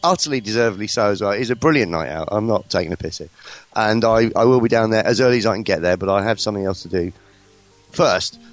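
British podcast host guy, cheeky rambling banter, bouncy pitch, faint music behind. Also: expressive, quick pace, no echo. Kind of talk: casual comedy chat.

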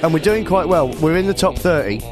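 A man co-hosting a podcast in casual banter, jokey and teasing, quick to laugh. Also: a little high, lively intonation. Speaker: podcast co-host. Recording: music playing underneath.

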